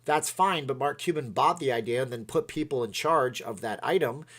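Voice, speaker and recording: A man hosting a casual livestream, rambling and excitable as he reads out chat comments. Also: medium pitch, normal speed. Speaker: livestream host.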